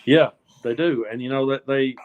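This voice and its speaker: A man's voice: mid-range voice, steady tone, moderate pace, highs cut off. A man from the American South co-hosts a casual news chat. He rambles earnestly and often restarts and repeats his words mid-thought. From Appalachian South, US. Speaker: co-host.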